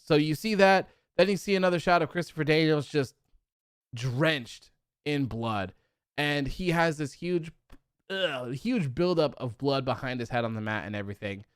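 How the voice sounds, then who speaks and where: A man with a somewhat high-pitched voice hosts a casual live stream, his talk loose and full of fillers as he reads chat comments aloud. His voice is smooth and clear, recorded close and dry with no room sound. He keeps spiraling into exasperated rants. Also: no echo. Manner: chatty, many fillers, builds into exasperated rants. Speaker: host of a wrestling post-show live stream.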